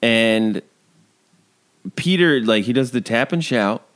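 A man with an animated, swooping voice chats casually about a TV episode. He sounds incredulous and sarcastic, mocking what he saw. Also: mid-range voice, takes it slowly, long pauses. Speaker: podcast co-host. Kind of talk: casual chat recapping a TV episode.

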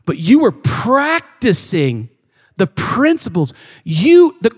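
Mister Miyagi, wise old karate master, as a preacher puts him on. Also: male voice, high voice, huge pitch swings, slow, husky, exaggerated voice. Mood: solemn. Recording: long reverb of a large hall.

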